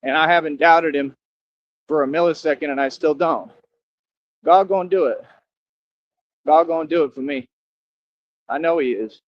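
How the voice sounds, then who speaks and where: A man giving a rambling, boastful livestream monologue outdoors near a highway, scolding his viewers and repeating himself. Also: normal speed, pauses often, dull audio. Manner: talks straight to his viewers, scolding them.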